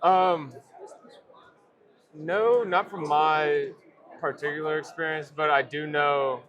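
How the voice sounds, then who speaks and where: A man speaking as a startup founder being interviewed at a convention, relaxed and rambling, with many fillers and restarts. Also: a little high, slow. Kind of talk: casual trade-show interview. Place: busy convention floor.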